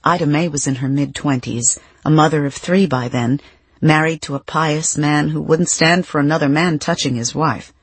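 A woman reading nonfiction as an audiobook narrator, in a measured, expressive storytelling manner. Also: deep voice, breathy edge, dry recording.

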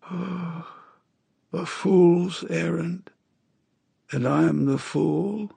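A man voicing a sick, dying old woman with a hoarse, wheezing voice and halting speech. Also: a little high, dark tone, no echo, voice pushed up, full character voice. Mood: weary, rueful. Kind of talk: audiobook character voice.

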